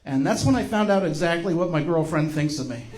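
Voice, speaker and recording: A man's voice: a little high, animated, a little fast, a little mellow, reverberant, poor audio. A man doing a self-deprecating stand-up set. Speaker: stand-up comedian.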